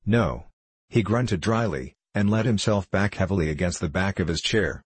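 A man narrating an audiobook in a measured, even reading. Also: low-pitched, slightly rough, no echo. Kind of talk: scripted narration.

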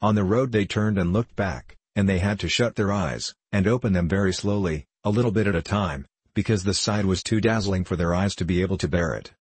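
Low husky male storybook narrator. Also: brisk, few pauses, a little mellow, dry recording. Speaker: audiobook narrator.

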